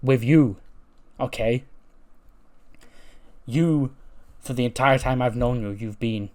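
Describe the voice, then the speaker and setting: A man's voice: mid-range voice, takes it slowly, darkish tone, natural voice. A man voicing a passionate male pro wrestler who gives his best friend a rousing pep talk in a game storyline. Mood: emphatic. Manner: emphatic, rousing speech.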